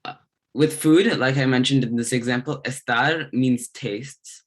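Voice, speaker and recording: A man tutoring a grammar lesson, explaining step by step in a deliberate way with occasional fillers and restarts. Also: mid-range voice.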